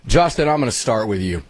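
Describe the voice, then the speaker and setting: A male host steers a political panel, teasing his guests and cutting in with quick remarks. His husky voice swings widely in pitch as he talks. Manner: lively, interjecting, teasing. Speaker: talk show host.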